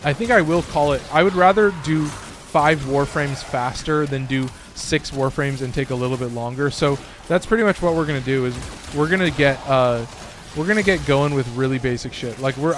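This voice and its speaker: A man's voice: medium pitch, normal speed, slight background noise. A young man casually commenting while he plays a game, rambling and swearing freely, his voice cracking now and then. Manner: loose, rambling, swears often, lots of fillers. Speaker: gaming streamer.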